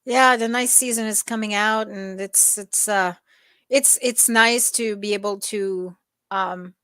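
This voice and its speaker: A woman co-hosting a casual morning chat, talking in a relaxed, rambling way with many restarts. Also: medium pitch, unhurried, smooth, no echo, clean studio sound. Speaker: co-host.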